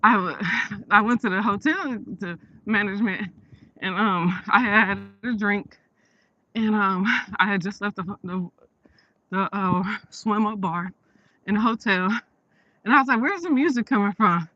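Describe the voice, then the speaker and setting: A woman's voice: medium pitch, measured pace, long pauses, sharp tone, no echo, dull audio. A woman vlogging outdoors on a late-night walk, chatting casually and rambling with frequent laughs. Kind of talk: casual storytelling while walking.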